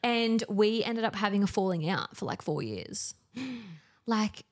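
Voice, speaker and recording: A woman's voice: mid-range voice, expressive, a little slow, darkish tone. A woman in her thirties with an Australian accent, telling stories as a podcast guest in casual chat, full of fillers. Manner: chatty storytelling, many fillers.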